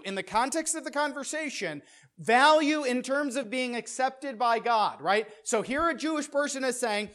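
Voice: high-pitched, lively intonation, moderate pace. A preacher giving a conversational sermon who keeps asking the listeners "right?" and restarts phrases to press a point. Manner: keeps checking in with "right?" and rhetorical questions; pace and loudness rise and fall for emphasis.

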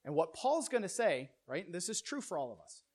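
A preacher walks a congregation through scripture in a loose, conversational way and keeps checking in with rhetorical questions. The delivery speeds up and slows down, and it gets louder or quieter to stress key points. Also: mid-range voice, very animated, husky. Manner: restarts phrases and repeats words when pressing a point; pace and loudness rise and fall for emphasis. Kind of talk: conversational sermon teaching.

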